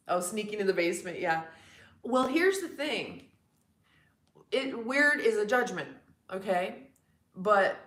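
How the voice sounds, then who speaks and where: A woman's voice: mid-range voice, fairly bright tone, roomy sound. A woman in her forties with a New York accent, chatting frankly with viewers on her livestream. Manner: chatty, frank, blunt, swears casually. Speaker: livestream host. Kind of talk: casual chat with viewers.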